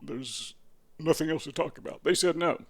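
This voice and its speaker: A man with a slightly higher-than-usual voice talks straight to his viewers in a relaxed, unscripted monologue. He muses aloud, poses rhetorical questions and slips in dry jokes. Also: normal speed. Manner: musing, asks rhetorical questions, dry humor. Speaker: video host. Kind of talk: casual spoken monologue.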